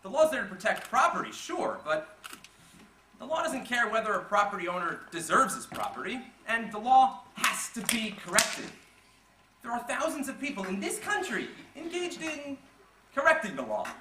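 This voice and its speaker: An actor playing a sly servant and reformed petty thief in a live student stage play, talking in chatty, confiding asides. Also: male voice, very high voice, sing-song, moderate pace, pushed and bright, exaggerated voice. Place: theater stage. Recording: echoey hall from far off, faint noise.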